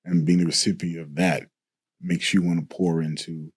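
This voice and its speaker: A man hosting a podcast, speaking in a measured, encouraging way. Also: low voice, little pitch movement, slightly rough, dry recording. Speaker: podcast host. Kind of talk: casual chat.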